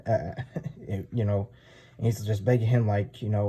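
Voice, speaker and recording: A man's voice: on the low side, level tone, normal speed, warm tone. A man casually recapping a comic chapter, rambling and full of filler words. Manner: rambling, full of "like" and "you know". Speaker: comic reviewer.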